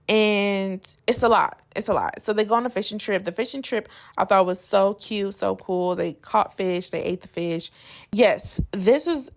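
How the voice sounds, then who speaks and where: A woman vlogger with a medium-pitched voice gives a casual, opinionated recap of a reality show. She's chatty and blunt, with plenty of slang.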